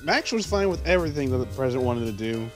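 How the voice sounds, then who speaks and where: A man's voice: mid-range voice, animated, fast. A man co-hosting a casual let's play stream, teasing his partner and laughing easily. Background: game music.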